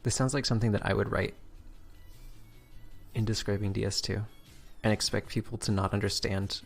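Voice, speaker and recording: A man chatting casually on a live stream, rambling and breaking off his own sentences. His voice is gravelly with fry and his throat sounds slightly stiff. Faint music plays behind him. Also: lowish voice, steady tone, normal speed. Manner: rambling, self-interrupting, reads docs aloud. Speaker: streamer and game developer.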